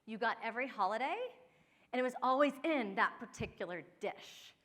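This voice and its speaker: Bright-voiced woman in a reverberant hall. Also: fairly high pitch, brisk. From Ohio, USA. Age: 40s. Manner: chatty, laughing, talks straight to the audience. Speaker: downsizing and home organizing expert. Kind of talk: workshop talk with personal stories.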